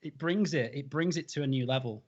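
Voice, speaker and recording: A man's voice: mid-range voice, brisk. A man hosting a live-stream interview, upbeat and casual with many um fillers. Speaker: show host. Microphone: video call. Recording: slightly dull live-stream audio.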